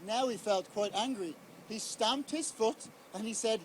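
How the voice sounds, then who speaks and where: A man's voice: high voice, moderate pace, a little hiss or hum. Young man acting out a storybook. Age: young adult. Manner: lively storytelling, acting out the lines. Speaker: guest reader at a children's event. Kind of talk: reading a picture book aloud to children.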